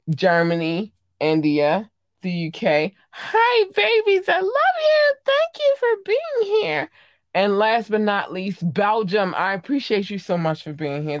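A woman hosting her own podcast in casual solo chat, animated and squealing high when she greets listeners. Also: no room sound, clean studio sound. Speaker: podcast host.

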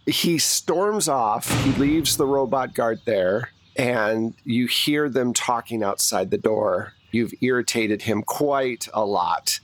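A slow, unhurried man serving as game master, narrating a tabletop role-playing game. He is relaxed and laughs often as he sets the scene. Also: medium pitch, dry recording.

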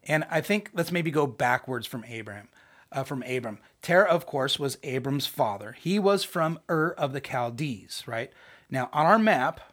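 A man's voice: medium pitch, normal speed. Conversational male Bible teacher. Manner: conversational, animated, asks rhetorical questions. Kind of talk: podcast Bible lesson.

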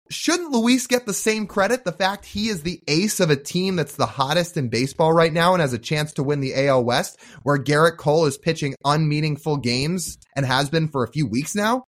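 A man's voice: fairly high pitch, fairly bright tone. A man co-hosting a sports podcast, talking in a casual, sarcastic and jokey way. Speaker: podcast co-host.

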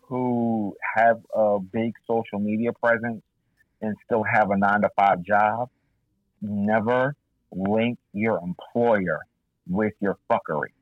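Another podcast storyteller speaks slowly in a lowish voice, telling a profane tale with animation and voicing the quoted lines himself. The audio is narrow and tinny, with no room sound.

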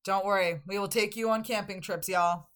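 A woman's voice: medium pitch, fairly even intonation, normal speed, a bit bright, clear, resonant tone. A Canadian woman co-hosting a podcast in casual chat, rambling and earnest, full of fillers. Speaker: podcast co-host.

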